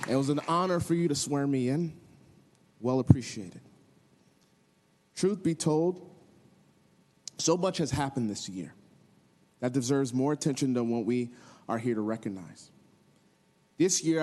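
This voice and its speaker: Male city commissioner, earnest acceptance speech, mid pitch, long reverb of a council chamber. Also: darkish tone. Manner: earnest, halting with fillers and restarts. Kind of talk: acceptance speech at a swearing-in ceremony.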